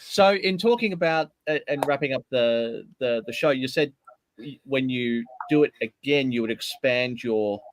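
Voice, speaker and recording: Relaxed podcast host. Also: male voice, mid-range voice, normal speed, slight background noise. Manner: relaxed, affirming interviewer. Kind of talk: casual podcast interview.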